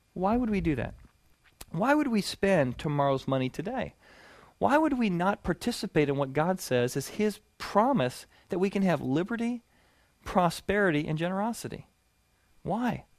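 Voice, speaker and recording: Animated man teaching in a sermon, dry sound. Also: on the high side, dry recording. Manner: animated storyteller, rising to loud punchlines. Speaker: preacher teaching a series. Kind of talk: sermon-style teaching session.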